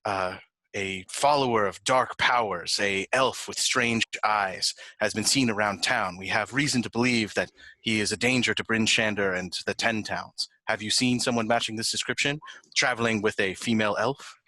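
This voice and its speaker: A man speaking as a player in a tabletop game, in a measured, slightly formal way. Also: on the low side, pushed and bright, no room sound, rough recording.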